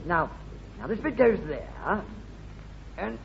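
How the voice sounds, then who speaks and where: A man in 1950s radio comedy voicing an excitable, squeaky male scientist character. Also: takes it slowly, creaky, full character voice. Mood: excited. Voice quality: squeaky, zany. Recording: noisy muffled 1950s radio recording.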